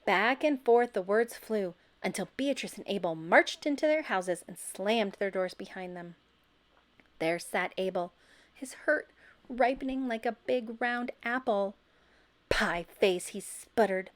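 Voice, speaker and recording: A woman reading a children's picture book aloud, expressive and breaking into loud high calls for the characters. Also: unhurried. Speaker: storybook reader.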